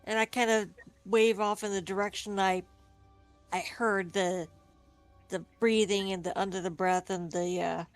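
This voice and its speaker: A woman playing in a tabletop game, talking in a wry, drawn-out way. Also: mid-range voice, steady tone, no room sound, soft background music. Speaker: player. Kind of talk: casual tabletop game play.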